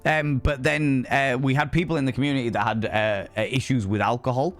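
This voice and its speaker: A man's voice: medium pitch, steady tone, brisk, soft background music. A man hosting a live stream in a camp, theatrical way, full of grand flourishes. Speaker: streamer and cabaret host. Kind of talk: flamboyant live-stream chat.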